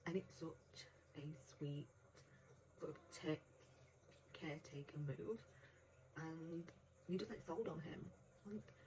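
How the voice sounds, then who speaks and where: A woman's voice: fairly low pitch, darkish tone, a little hiss or hum, low-quality recording. A woman giving a casual audiobook review in a chatty way, laughing often and acting out quotes in between. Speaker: book reviewer.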